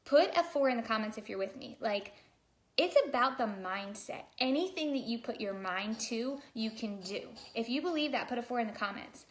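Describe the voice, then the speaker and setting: A woman vlogger gives a casual motivational talk straight to her viewers. Her voice sits a little high, and she talks in a chatty way, full of "like" and "you know". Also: lively intonation, moderate pace. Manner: chatty, fillers like "like", addresses viewers directly. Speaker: vlogger and daycare provider.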